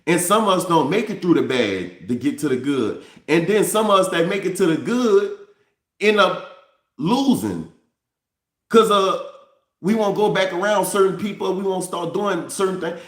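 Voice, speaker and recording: In an echoey room, a high-pitched, animated vlogger from New Orleans addresses his viewers as y'all at normal speed. His monologue is candid and repetitive, with frequent restarted phrases as he tells his story.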